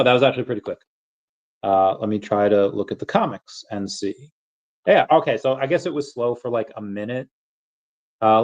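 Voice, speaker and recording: Rambling man on a lo-fi stream. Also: mid-range voice. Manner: rambling, relaxed, many fillers. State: hiccuping. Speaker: crypto channel host. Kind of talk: casual livestream chat.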